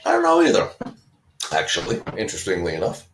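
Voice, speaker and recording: A man's voice: sits low, huge pitch swings, fast, vocal fry, a little hiss or hum, rough recording. A middle-aged man from Denmark, co-hosting a casual live-stream chat, a chatty storyteller who laughs often and acts out the voices of other people.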